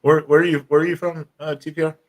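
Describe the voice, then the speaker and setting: A man's voice: fairly high pitch, little pitch movement, fast talker, darkish tone, poor audio. A man hosting a livestream, rambling through profane stories and laughing often. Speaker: livestream host. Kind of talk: casual chat.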